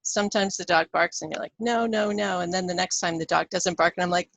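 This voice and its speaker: A woman's voice: lowish voice, little pitch movement, quick pace, vocal fry, a bit bright. A woman hosting a radio interview, chatty and friendly, who laughs often. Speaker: radio show host.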